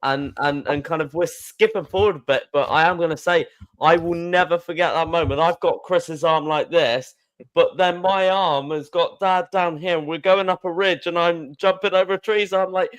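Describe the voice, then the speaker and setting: A man co-hosting a podcast, telling a story in an excitable way, laughing and restarting often. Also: on the high side, moderate pace, clean tone. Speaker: podcast co-host. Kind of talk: casual storytelling chat.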